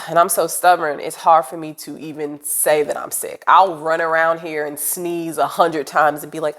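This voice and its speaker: A woman's voice: low-pitched, little pitch movement, normal speed, a bit bright. A woman with a cold giving a casual tarot reading, speaking straight to her viewers in a chatty, rambling way with plenty of fillers. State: congested with a cold. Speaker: tarot reader.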